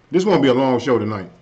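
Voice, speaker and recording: A man hosting a casual live stream, chatting loosely with viewers and saying his energy is low tonight. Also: creaky. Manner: loose and conversational, frequent "hey" and "you know what I mean". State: a bit under the weather, low energy. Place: at home. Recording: dull lo-fi stream audio.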